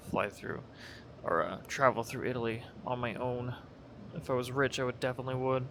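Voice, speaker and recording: A man's voice: medium pitch, fairly even intonation, a little slow, fairly bright tone, a little hiss or hum. Sleepy, rambling young man narrating gameplay. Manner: rambling, self-correcting, sleepy. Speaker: gaming video creator. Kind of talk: casual live commentary over a flight game.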